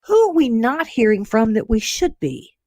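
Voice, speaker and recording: A woman hosting a talk radio show, speaking in animated, quick bursts with many fillers. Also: on the high side, dry recording, clean studio sound. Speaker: radio host and intelligence analyst.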